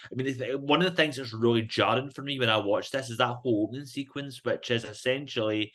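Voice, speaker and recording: A man's voice: mid-range voice, a bit bright. A man talking as a podcast guest, rambling casually with constant "like, you know" fillers. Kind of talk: casual chat.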